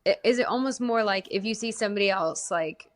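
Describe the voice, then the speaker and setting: A woman's voice: medium pitch, a little fast. Young woman co-host, loose rambling questions, middle-range voice. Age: late 20s to early 30s. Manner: rambling questions, lots of 'like', casual swearing. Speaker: podcast co-host. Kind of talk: casual podcast chat.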